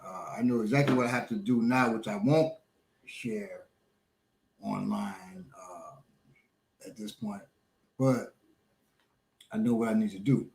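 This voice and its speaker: A middle-aged man talking casually as a show host, his speech a little slurred and halting, with many pauses and fillers. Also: fairly low pitch, lively intonation, vocal fry, a little mellow, roomy sound, low-quality recording. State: slightly slurred speech after a small stroke. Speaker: podcast host and instructor. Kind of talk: casual chat.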